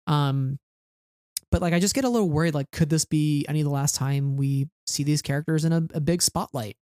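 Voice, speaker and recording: A podcast co-host rambling through a book discussion, leaning on "like" and restarting sentences. The voice is smooth and resonant, recorded dry with little room sound. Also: mid-range voice, brisk, darkish tone, dry recording. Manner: rambling, heavy use of "like" and restarts.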